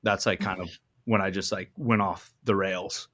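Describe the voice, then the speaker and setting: A man with a low but bright voice talks loosely about his start in music. He fills his sentences with likes and ums. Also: steady tone, normal speed. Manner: laid-back, many fillers. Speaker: band vocalist. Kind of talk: casual video interview.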